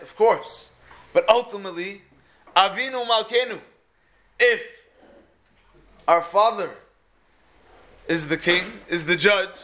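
A man giving a sermon, telling stories with lively energy and acting out the people in them. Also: high-pitched. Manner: animated storyteller who acts out the people in his stories. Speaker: speaker giving a religious talk. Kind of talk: sermon with storytelling.

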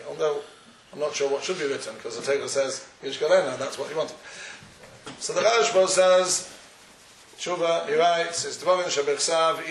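A man's voice: on the high side, fairly bright tone, slight background noise. A man giving a Talmudic lecture, posing questions and answering them in a study-hall cadence. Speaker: Torah teacher. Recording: echoey room, far from the mic.

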